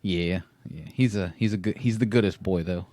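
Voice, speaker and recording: A man co-hosting a podcast in casual chat, rambling and laughing often, with quick restarts. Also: deep voice, mellow, no room sound, studio quality. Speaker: podcast co-host.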